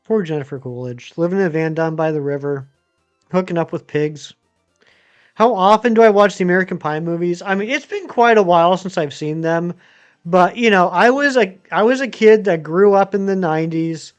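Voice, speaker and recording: Male streamer in his thirties, high voice, rambling chat with viewers, faint music underneath. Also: normal speed, smooth. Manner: rambling, chatty, many ums and uhs. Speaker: game streamer. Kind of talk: casual live-stream chat answering viewers.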